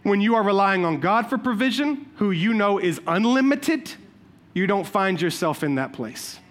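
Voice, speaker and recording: A man preaching a sermon as pastor, telling personal stories in an animated, conversational and humorous way. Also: high-pitched, moderate pace. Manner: repeats "watch this" to cue points.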